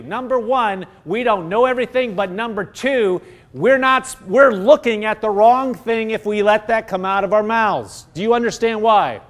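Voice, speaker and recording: A middle-aged man delivers a sermon in a notably high voice. He talks emphatically, slipping into fervent acted-out prayers and declarations of faith. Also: moderate pace, a bit bright. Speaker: preacher.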